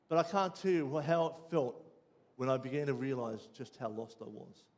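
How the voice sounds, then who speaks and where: An Australian man preaching, telling a personal story with lively ups and downs before dropping quiet and low for the lesson. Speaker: pastor. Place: church.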